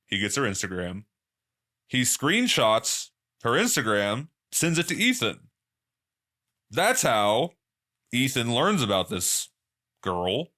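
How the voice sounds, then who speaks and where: A man's voice: big pitch swings, unhurried, pauses often, sharp tone. A man hosting a podcast, talking casually and rambling through stories. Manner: loose, rambling, quotes people in exaggerated high voices. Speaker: podcast host. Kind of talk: casual solo commentary.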